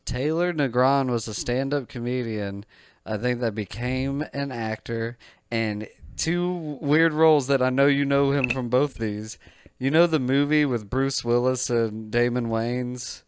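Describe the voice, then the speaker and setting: Speaking at a measured pace with a medium-pitched voice, this male podcast co-host spins stories in relaxed conversation. He's an animated storyteller who voices the quotes himself and laughs a lot.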